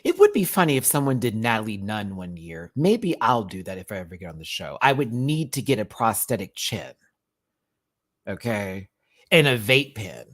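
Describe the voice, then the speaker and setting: A man from Houston, Texas hosts a live reaction stream, offering casual commentary full of sassy, campy asides and frequent laughter. His voice sits on the low side with wildly swooping pitch.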